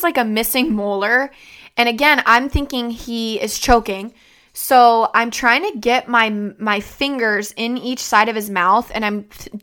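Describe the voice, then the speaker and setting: A young woman hosting her own show, telling in a halting, emotional way, with many fillers, how her father died. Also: fairly high pitch, sharp tone, clean tone. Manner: tearful, halting retelling of a family loss, many fillers. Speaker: podcast host. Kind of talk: emotional personal storytelling.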